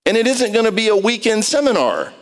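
A man's voice: high voice, big pitch swings, brisk. A man preaching a conversational sermon, telling stories and quizzing his congregation in a large church. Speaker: pastor. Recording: long reverb of a large hall.

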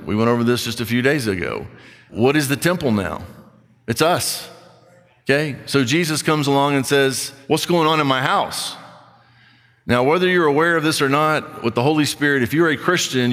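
Pastor preaching in a reverberant hall. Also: male voice, medium pitch, a bit bright. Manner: conversational preaching, acts out imagined voices. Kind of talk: sermon.

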